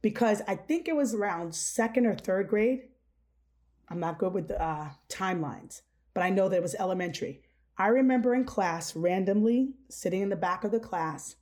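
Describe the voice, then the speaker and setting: A woman's voice: on the low side, darkish tone. A middle-aged woman hosting a podcast, telling a childhood story candidly and acting out the quotes. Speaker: podcast host. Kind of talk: casual storytelling chat.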